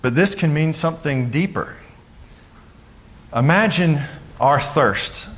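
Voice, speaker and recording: A pastor delivers a loose, conversational sermon peppered with jokes and quick impressions of other people's voices. His voice is a little high and a bit bright, and he sounds animated.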